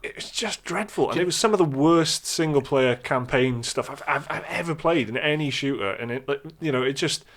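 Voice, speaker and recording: A man's voice: a little high, brisk, hardly any pauses, fairly bright tone. A man co-hosting a gaming podcast, casually and bluntly tearing apart a game, often repeating words as he goes. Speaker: podcast co-host.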